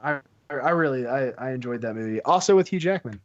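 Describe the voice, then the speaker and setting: A man's voice: medium pitch, expressive, a little fast. A man co-hosting a movie podcast, opinionated and enthusiastic as a fan. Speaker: podcast co-host. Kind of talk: casual movie discussion. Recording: dull lo-fi audio.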